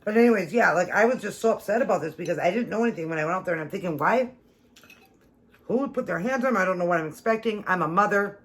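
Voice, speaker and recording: A woman vlogger telling a personal story to her viewers in a casual, animated and emphatic way. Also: lowish voice.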